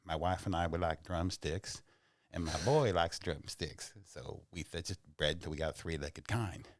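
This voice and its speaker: Man doing a low, dry, deadpan farmer voice for a joke punchline. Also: moderate pace, no room sound. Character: plain-spoken rural male farmer, drawling.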